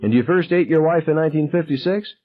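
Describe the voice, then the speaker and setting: A man voicing a frantic teenage gunman who shrieks his questions in high, shrill bursts. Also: fast talker, close to an everyday voice. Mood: shrill, menacing. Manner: high, shrill interrogating shouts. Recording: dull lo-fi sound.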